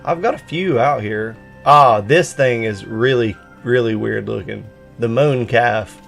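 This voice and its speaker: A man's voice: medium pitch, unhurried, creaky, a bit bright, faint music behind. A man hosting a gaming live stream, bantering casually and swearing freely. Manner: profane, laid-back banter. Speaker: streamer host.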